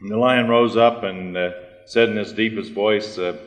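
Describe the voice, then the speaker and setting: A man with a somewhat low voice gives a measured conference talk, pausing on fillers and clearing his throat. The sound comes from an old archive recording in a large hall with a long reverb. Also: fairly even intonation. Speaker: conference speaker. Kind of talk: prepared conference talk with a joke.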